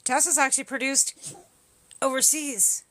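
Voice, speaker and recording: A Canadian woman responds to livestream comments with combative, profane mockery, yet her tone stays steady and her pace measured. Her voice sits high and sounds pushed and bright.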